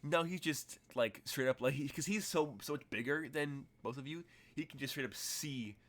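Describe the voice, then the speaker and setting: A man's voice: a little high, moderate pace, fairly bright tone. A man narrating as game master in a tabletop role-playing game, rambling through vivid, detailed scene descriptions.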